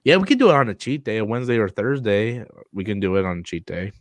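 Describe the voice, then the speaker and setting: A man's voice: on the low side, fast talker, no echo. A man hosting a casual livestream chat, joking and swearing freely as he talks. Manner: animated, jokey, swearing freely. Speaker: host. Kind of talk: casual live-stream chat.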